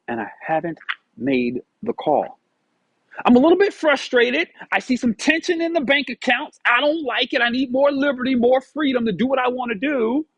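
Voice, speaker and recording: A man giving a casual motivational monologue, animated and storytelling, acting out his own past dialogue. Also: sits high, no echo, highs cut off. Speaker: motivational vlogger.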